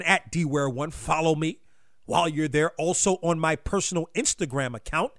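A man with a fairly high voice hosts a sports talk program, working through his topics in a loose, unscripted monologue. He stumbles and restarts often, repeating words as he finds his point. The sound is dry and close, with no room around it. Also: bright, forceful tone, no room sound. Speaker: sports talk show host.

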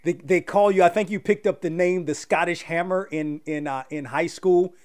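A man hosting a sports podcast, asking his guest questions in a halting way with plenty of fillers. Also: high-pitched, steady tone, darkish tone. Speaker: podcast host. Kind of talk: interview hosting.

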